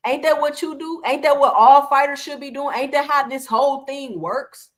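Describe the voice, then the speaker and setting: Woman, sports commentary host, pointed rhetorical questions, somewhat high voice. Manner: animated, rapid-fire rhetorical questions. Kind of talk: casual reaction commentary.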